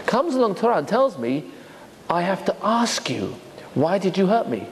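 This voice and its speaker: A man's voice: a little high, fairly quick, in a large hall, slight background noise. A man, a rabbi, giving a lecture on Torah and acting out the voices he quotes. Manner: animated, acts out quoted voices.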